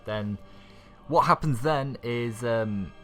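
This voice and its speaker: A man's voice: medium pitch, takes it slowly, faint music behind. A man recapping an anime episode in a casual, rambling way, full of fillers and little laughs. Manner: rambling, filler-heavy, chuckles often. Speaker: YouTube anime reviewer.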